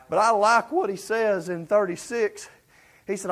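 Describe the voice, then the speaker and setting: A man preaching with a high, light voice. He tells the story in a folksy, excitable way, full of fillers, and acts out the speakers' lines. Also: measured pace. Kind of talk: sermon.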